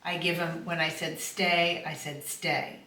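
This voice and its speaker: Calm woman trainer, echoey and distant. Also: lowish voice, unhurried. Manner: calm, affirming explanations. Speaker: dog trainer. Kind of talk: instructional voice-over. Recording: echoey room, from far off, faint noise.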